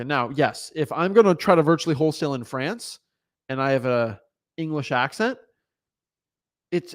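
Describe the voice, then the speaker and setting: A young man giving an energetic motivational talk as a real estate coach, emphatic and often asking "right?". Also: medium pitch. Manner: emphatic, repeats words, asks "right?" often.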